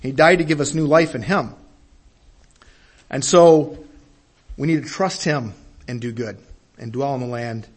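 A man preaching a sermon in an earnest way, repeating his phrases and building to emphatic peaks. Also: mid-range voice.

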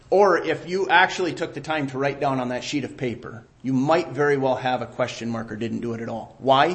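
Emphatic middle-aged male preacher. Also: fairly high pitch. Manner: emphatic, repeats key phrases, drops to a quiet voice for asides. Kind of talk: sermon.

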